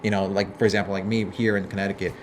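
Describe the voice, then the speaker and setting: New guy on a car podcast, animated storyteller, faint room hum behind. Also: sits low, racing. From New York. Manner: animated storyteller who acts out quotes. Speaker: guest, car club organizer. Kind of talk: casual podcast chat.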